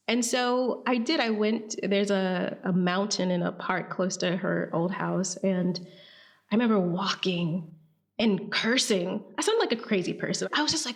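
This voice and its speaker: A woman from Atlanta, a guest on a podcast interview, telling her story in a lively way and acting out the voices of people she quotes. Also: mid-range voice, a little slow. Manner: animated, acts out quoted voices.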